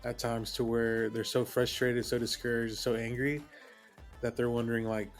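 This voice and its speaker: A counselor co-hosting a podcast, speaking in a measured, supportive way. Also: medium pitch, flat delivery, soft background music. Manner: supportive, measured, agreeable listener. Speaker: counselor and co-host. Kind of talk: casual conversational podcast.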